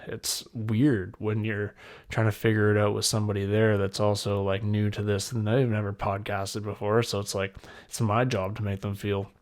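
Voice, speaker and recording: Fairly low in pitch and darkish in tone, this man's flat delivery keeps a moderate pace. In his twenties, he hosts a solo podcast of casual chat, rambling, candid and self-deprecating, with wet mouth sounds as he talks.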